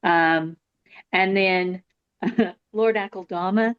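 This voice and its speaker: A woman's voice: medium pitch, measured pace, clean tone. An American woman chatting enthusiastically on a book podcast, often restarting her sentences. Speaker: podcast co-host, book fan. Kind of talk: casual book-club chat. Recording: lo-fi, dull sound.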